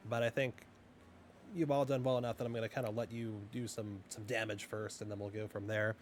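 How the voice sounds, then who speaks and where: A man running a tabletop game as game master, explaining rules in a rambling way with lots of fillers and sudden fast bursts. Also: fairly low pitch, little pitch movement, slight background noise.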